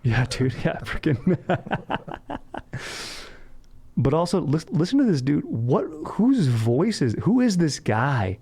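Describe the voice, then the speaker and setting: A man's voice: a little high, very animated, slow, warm tone, husky. A man hosting a comedy podcast, riffing in laid-back slang and saying "dude" all the time. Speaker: podcast host. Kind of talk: casual comedic podcast chat.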